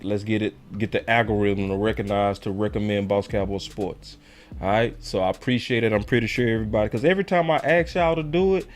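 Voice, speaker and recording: A man hosting a live call-in fan show, talking in a loose, slangy way and pressing viewers to hit like. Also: on the low side. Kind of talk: casual live-stream chat.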